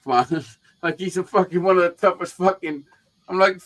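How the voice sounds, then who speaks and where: A man's voice: sits high, fast, poor audio. A man hosting a live stream, chatting casually and telling profane stories with acted-out quotes. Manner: profane, animated storyteller who acts out quotes. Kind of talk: casual chat, storytelling.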